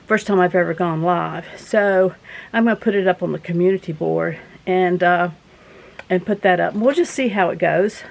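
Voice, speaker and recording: A Southern US woman vlogger, out of breath after walking in from her garden outdoors, chats casually with her viewers in a folksy, rambling, earnest way. Her voice is lowish and creaky at a moderate pace, and the audio is poor.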